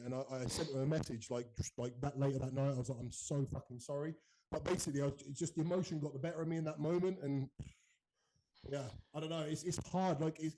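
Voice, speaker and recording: A man's voice: on the high side, mellow, a little hiss or hum, rough recording. A man in casual podcast chat, telling stories animatedly and swearing freely. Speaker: podcast host.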